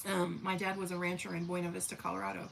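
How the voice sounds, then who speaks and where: A woman's voice: on the low side, completely flat delivery, fast talker, gravelly, slight background noise, poor audio. A woman in her forties from southern Missouri, hosting a casual live stream, chatting folksily with viewers and talking to her dogs. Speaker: livestream host. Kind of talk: casual live chat reading comments.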